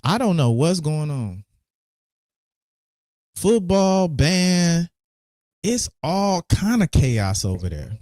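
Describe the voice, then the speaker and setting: A man's voice: fairly high pitch, big pitch swings, slow pace, pauses often, darkish tone, no echo, studio quality. A man hosting a casual sports podcast, laid back, repeating words and restarting often. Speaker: podcast host.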